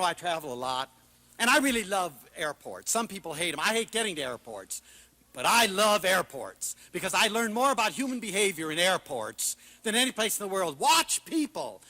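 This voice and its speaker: A man lecturing with great passion, his voice bright and ringing, riding a high, lively pitch that leaps and drops. He swings from loud, excited exclamations to soft, hushed asides as he tells his stories. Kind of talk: passionate public talk.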